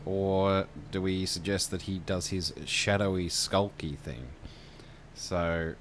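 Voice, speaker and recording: A man's voice: deep voice, takes it slowly, a little hiss or hum. A man, narrating a story game on stream and chatting loosely with viewers, with plenty of fillers. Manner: relaxed, chatty, hesitant with fillers.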